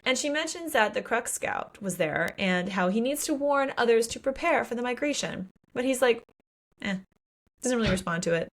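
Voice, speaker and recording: Young woman, book podcast co-host, casual animated recap, a bit higher voice, salty language. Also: a little fast, few pauses. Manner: animated retelling with acted quotes and swearing.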